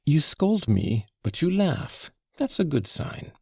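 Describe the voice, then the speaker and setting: A man voicing the devil in an audiobook, a fawning gentleman visitor who mocks in mock-polite, ingratiating tones. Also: on the high side, very animated, takes it slowly, gravelly, breathy edge, dry recording, voice pushed up, heavily acted. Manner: mocking, fawning, mock-polite, with French flourishes. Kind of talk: audiobook character reading.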